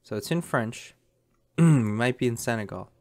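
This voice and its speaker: A man's voice: medium pitch, lively intonation, unhurried, darkish tone. A man commentating a map guessing game, thinking aloud in a chatty way with lots of ums. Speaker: game streamer.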